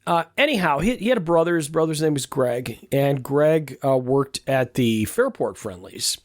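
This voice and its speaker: A man's voice: fairly high pitch, lively intonation, moderate pace, dry recording, studio quality. A man in his fifties, a podcast host telling a personal story in a casual, rambling way, with many restarts and repeated words. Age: 50s.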